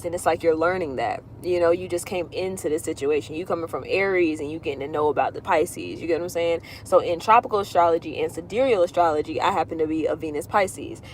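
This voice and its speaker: A low-pitched woman talks fast with hardly any pauses, her tone darkish and slight background noise present. She's an astrologer giving readings on a livestream, casually answering viewer questions in loose, circling rambles.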